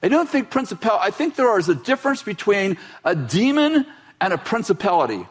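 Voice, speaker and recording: A man's voice: high voice, sing-song, a little fast, slightly rough. A man preaching a sermon in a loose, conversational way, acting out quoted voices as he goes. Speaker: pastor.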